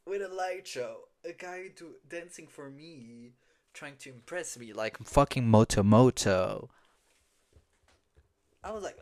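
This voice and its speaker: A man of middle pitch tells a story in a loose, profane way. He often laughs at himself, and he talks into a phone. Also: expressive, a little slow, a little hiss or hum. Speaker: podcast host. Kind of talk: casual storytelling.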